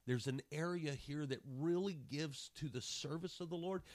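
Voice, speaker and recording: This impassioned preacher has a voice on the high side and keeps a moderate pace, performing the voices of people and scripture in his examples. No echo is audible.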